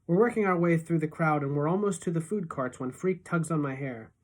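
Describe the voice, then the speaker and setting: Low-voiced woman reading a novel aloud. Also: a little fast. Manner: steady, expressive first-person narration. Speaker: teacher.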